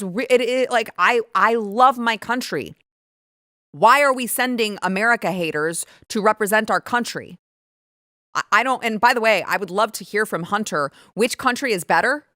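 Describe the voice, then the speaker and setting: A woman's voice: mid-range voice, a bit bright, no room sound. Sarcastic woman host, dry close sound. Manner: sarcastic and indignant, with frequent restarts. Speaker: political commentary host. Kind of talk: opinionated commentary.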